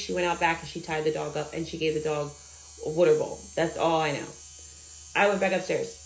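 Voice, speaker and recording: A woman's voice: medium pitch, roomy sound, slight background noise, poor audio. A woman who works as an at-home nail tech, telling a story about a client and acting out what each person said. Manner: animated, acts out quoted dialogue.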